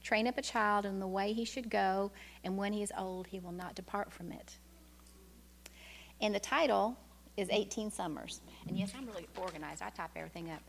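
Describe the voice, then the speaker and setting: Brief: older woman with a gravelly edge, nervous, reading prepared notes in church. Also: mid-range voice, normal speed, slight background noise. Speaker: church member sharing a talk.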